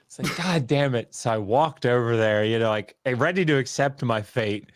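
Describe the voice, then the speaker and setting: A man's voice: mid-range voice, moderate pace, dry recording, clean studio sound. A man telling a self-mocking story in casual talk, acting out the voices of the people he quotes. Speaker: guest scholar. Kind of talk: casual storytelling on a video call.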